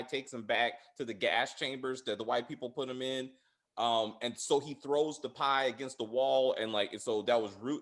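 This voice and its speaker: A man hosting a casual show review, retelling scenes in an excitable, profane way. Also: mid-range voice. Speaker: podcast host.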